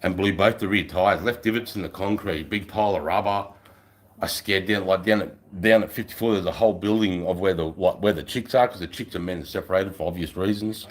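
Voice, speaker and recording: Brisk and low-pitched, this middle-aged man with an Australian accent rambles through a story on his livestream. He swears freely and keeps tagging his lines with "right?".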